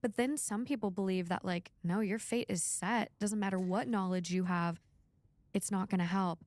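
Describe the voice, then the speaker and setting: Calm woman reflecting in a podcast chat. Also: medium pitch, normal speed, no room sound. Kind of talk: podcast conversation.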